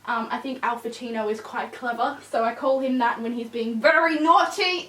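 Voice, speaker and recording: Tired high-voiced woman chatting in an echoey room. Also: normal speed, hardly any pauses, bright, forceful tone. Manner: chatty, rambling, with frequent "like" and "um". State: a little tired. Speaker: vlogger with a new puppy. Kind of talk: casual chat. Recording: echoey room, distant mic.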